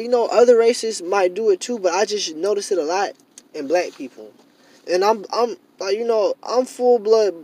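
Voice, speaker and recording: A man's voice: sits high, a little mellow. A young man in a casual monologue to camera, rambling and repeating himself with many fillers, growing heated and emphatic. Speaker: vlogger.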